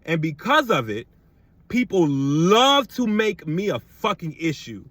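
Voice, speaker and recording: A man's voice: high-pitched, big pitch swings, a little slow, fairly bright tone, no room sound. A man telling an angry storytime rant about being treated unfairly at work, emphatic and swearing, stumbling over repeated words as he gets heated. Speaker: temp worker telling a story.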